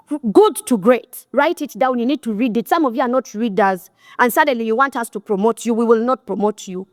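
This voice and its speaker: A woman's voice: high voice, dry recording, studio quality. A middle-aged woman with a Ugandan accent gives a blunt, scolding motivational talk to an audience. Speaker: motivational speaker.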